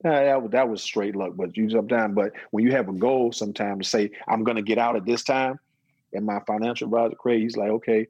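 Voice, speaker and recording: A middle-aged man with a husky, somewhat low voice tells his story in a relaxed interview. He drops into animated quotes of other people as he goes. The recording is close and dry, with no room sound. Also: brisk, no echo, highs cut off. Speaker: interview guest, business owner. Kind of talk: casual interview talk.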